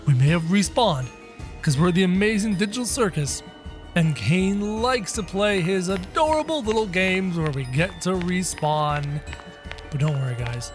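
Excitable man narrating gameplay. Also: sits high, measured pace, faint music behind. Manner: theatrical, excitable, yelps and shrieks. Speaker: gaming video host. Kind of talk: excitable game commentary.

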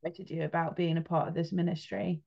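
A woman's voice: sits low, flat delivery, fast, gravelly, a little mellow, muffled recording. A woman interviewing a ministry director, asking long questions with fillers and restarts.

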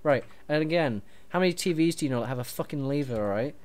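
A man's voice: on the high side, lively intonation, quick pace. Exasperated nitpicking young man ranting. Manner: exasperated, nitpicking, swearing, escalating rants. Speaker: let's play co-host. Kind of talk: casual gameplay banter.

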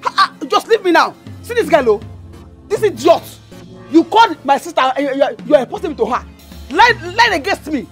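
An actress with a Nigerian accent playing a quarrelsome young woman who mocks and shouts in Pidgin. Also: very high-pitched, very animated, a little fast, faint music behind. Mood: angry. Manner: mocking, repeats herself, shouts in Pidgin. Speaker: actress in a film. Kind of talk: Nollywood film drama.

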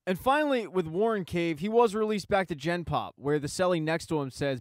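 A man's voice: high voice, expressive, fairly quick, no echo, clean studio sound. A man casually recapping a TV season, retelling the plot with wry asides. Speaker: TV recap host.

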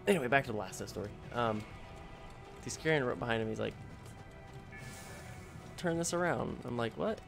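Game music plays behind a man streaming a video game, his mid-range voice quick and touched with vocal fry. His casual gameplay commentary includes frustrated, swearing outbursts and rambling stories full of filler words.

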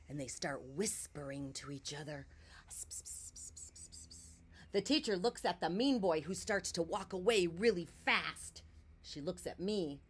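A woman storyteller reads a picture book aloud to children, in a slow, unhurried way. Her voice sits a little low, and she drops to hushed whispers, then bursts out loud. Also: slightly rough. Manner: expressive, swings between hushed whispers and loud outbursts. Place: porch, outdoors.

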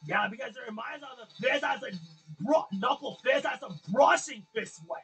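A performer voicing a brash, excitable male echidna fighter, shouting and boasting over game footage. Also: medium pitch, moderate pace, slightly rough, soft background music, voice pushed down. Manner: loud, boastful, hyped-up shouting. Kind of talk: fan voice-acting over gameplay.

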